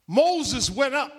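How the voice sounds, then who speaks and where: A man preaching a sermon in an emphatic, call-and-response way, with folksy slang. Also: extremely high pitch.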